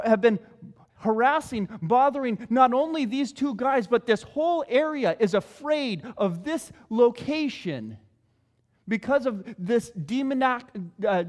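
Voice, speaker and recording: A man's voice: very high-pitched, animated, measured pace. A male preacher giving a sermon in a conversational, emphatic way, repeating his key points. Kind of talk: expository sermon. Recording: long reverb in a large hall.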